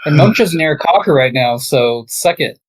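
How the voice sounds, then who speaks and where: Player, middle pitch, teasing and playful. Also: lively intonation, a little fast, rough recording.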